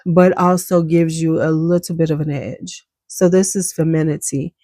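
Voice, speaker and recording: A woman's voice: deep voice, steady tone, normal speed, warm tone, no room sound, studio quality. A woman giving a casual, enthusiastic perfume review, chatty and full of slang, coughing now and then. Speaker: beauty vlogger.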